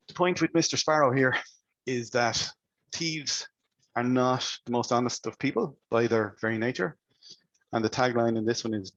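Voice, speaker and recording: A man's voice: medium pitch, dry recording, dull audio. A man presenting cybersecurity advice to business owners, speaking conversationally and asking many rhetorical questions.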